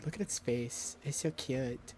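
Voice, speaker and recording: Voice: mid-range voice, expressive, measured pace, a little mellow, slight background noise. A streamer giving casual live commentary on a game, swearing freely, joking with chat and ranting at the game's mechanics.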